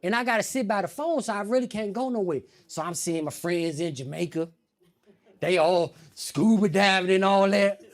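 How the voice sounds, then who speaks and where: A man performing stand-up comedy on stage, telling a story in an animated way and talking straight to the audience as y'all. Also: high voice, moderate pace.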